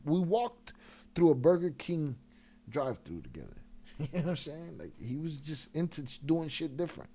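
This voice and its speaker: A man hosting a live stream, telling a profane, animated story in a casual way and laughing along. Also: on the high side, normal speed, slightly rough.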